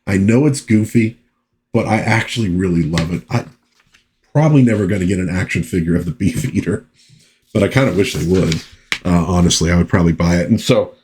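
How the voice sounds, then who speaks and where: A man's voice: low voice, darkish tone. A man hosting a casual comic book review vlog, chatty and easygoing. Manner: chatty with frequent fillers and restarts.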